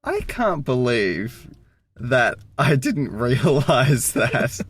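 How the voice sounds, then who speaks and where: A man's voice: mid-range voice, big pitch swings, drawn-out words, breathy edge. A young man co-hosting a casual comedic chat in a car, laughing often. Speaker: podcast co-host. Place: inside a car.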